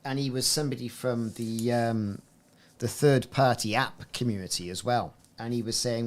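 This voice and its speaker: Man, gaming streamer, chatty rambling commentary, mid-pitched voice. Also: moderate pace. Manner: chatty, rambling, self-interrupting. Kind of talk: live-stream gameplay commentary.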